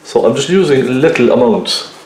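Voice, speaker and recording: Relaxed man teaching painting, echoey room. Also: medium pitch, moderate pace. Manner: relaxed, checks in with viewers with "okay?". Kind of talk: painting tutorial demonstration.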